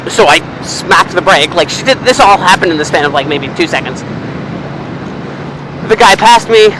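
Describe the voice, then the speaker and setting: A young man, chatting casually and swearing freely while driving, rambling and excitable. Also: high voice, normal speed. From Canada. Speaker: vlogger. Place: inside a car, driving in city traffic. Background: faint car and road noise.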